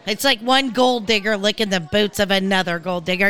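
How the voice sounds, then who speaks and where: A woman hosts a casual recap podcast with a bright, forward voice. She talks bluntly and swears now and then. She drifts into tangents before pulling herself back. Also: medium pitch, fairly quick, clean tone, soft background music. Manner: chatty, blunt and profane, goes off on tangents. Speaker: podcast host.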